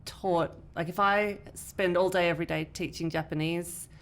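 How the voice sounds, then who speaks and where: A woman's voice: on the low side, fairly even intonation, normal speed. A woman co-hosting a casual discussion as an English teacher, explaining things thoughtfully. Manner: explanatory, thoughtful, with light laughs. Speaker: podcast co-host, English teacher.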